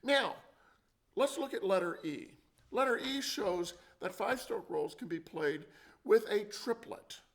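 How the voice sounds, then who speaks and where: A man's voice: high-pitched, lively intonation, measured pace, creaky, a little hiss or hum. A man teaching a percussion lesson, explaining and counting out drum rhythms. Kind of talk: instructional demonstration. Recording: loud drumming and clicks behind.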